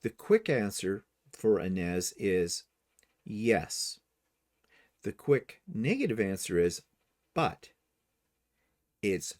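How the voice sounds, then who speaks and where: A man's voice: fairly low pitch, a little mellow. Chatty man hosting a quilting channel. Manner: chatty, rambling, self-correcting. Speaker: host. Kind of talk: casual chat.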